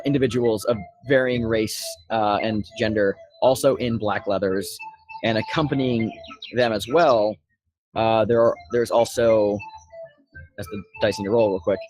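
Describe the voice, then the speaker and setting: A man narrating a tabletop game as game master, talking haltingly with many fillers. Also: mid-range voice.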